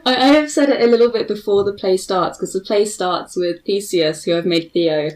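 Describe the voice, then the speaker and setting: A woman's voice: medium pitch, moderate pace, a little mellow, low-quality recording. Giggly young woman chatting. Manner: giggly, rambling. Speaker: podcast co-host. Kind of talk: casual chat.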